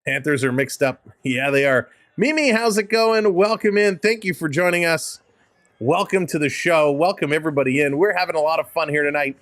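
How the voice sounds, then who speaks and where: A man's voice: fairly high pitch, fairly quick, a bit bright, dry recording. A man with a Canadian accent hosting a live hockey stream, calling the play-by-play and greeting chatters by name. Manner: upbeat, greets chatters by name between game calls.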